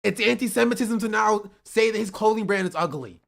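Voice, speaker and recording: A man's voice: sits high, fairly quick, vocal fry, a bit bright. Exasperated man ranting on a livestream. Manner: incredulous ranting, repeating phrases over and over. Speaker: streamer. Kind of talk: livestream reaction commentary.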